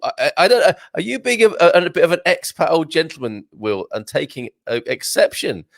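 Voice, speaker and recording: Chatty man with a gravelly voice. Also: on the high side, animated, brisk, a bit bright, no echo, clean studio sound. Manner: rambling, chatty, laughs often, many restarts. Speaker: host reading viewer comments. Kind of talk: casual live-stream chat.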